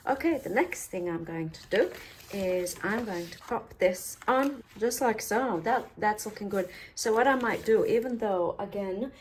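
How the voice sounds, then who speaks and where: A woman walks through a craft project step by step in an easygoing, conversational way. She thinks aloud and adds offhand asides as she works at home. Her voice sits at a middling pitch. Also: a little hiss or hum. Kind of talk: casual step-by-step craft tutorial.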